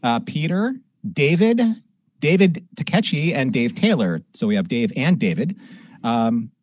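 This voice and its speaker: A man's voice: a little high, moderate pace, dry recording. A man hosting a live podcast from home, chatting casually and telling a story with put-on voices, on a close, dry desk microphone. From Southern California. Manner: animated storyteller, puts on voices in anecdotes. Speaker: podcast host. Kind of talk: casual live-stream chat.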